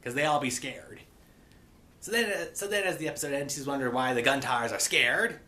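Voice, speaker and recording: Bright-voiced male reviewer, casual and rambling, playful pirate persona. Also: mid-range voice, fairly quick. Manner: rambling, with many fillers and a playful pirate growl. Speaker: cartoon episode reviewer. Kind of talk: casual episode recap.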